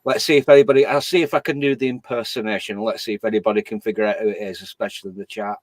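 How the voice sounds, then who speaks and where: A man's voice: lowish voice, fairly even intonation, racing, no room sound. A man in a casual chat, opinionated and chatty, trading remarks with the host.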